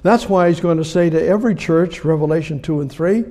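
An older man preaching a rambling sermon and reading Bible verses, with much repetition and swings between loud emphasis and quiet asides. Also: fairly high pitch. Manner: conversational, halting with many fillers.

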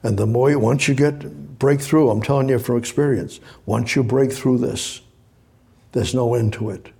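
A man's voice: medium pitch, fairly even intonation, moderate pace, vocal fry, dark tone, husky. A man preaching a sermon, reading scripture aloud and breaking off to explain it, repeating phrases and rising to emphatic exhortation.

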